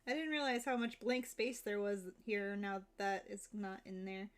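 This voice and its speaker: A woman's voice: mid-range voice, steady tone, normal speed. A woman streamer chatting casually while she draws, giggling often between remarks. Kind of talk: casual chat while drawing.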